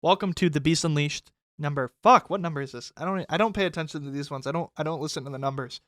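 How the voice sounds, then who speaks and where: A man's voice: fairly high pitch, fast, a bit bright, no room sound, studio quality. Swearing, rambling young man host. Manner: rambling, swears heavily, gets worked up when ranting. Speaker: podcast host. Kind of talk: casual podcast chat.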